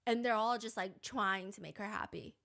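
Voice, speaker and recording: A young woman hosting a casual true-crime commentary, reading text messages aloud with animated indignation. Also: mid-range voice, normal speed, creaky. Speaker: commentary channel host.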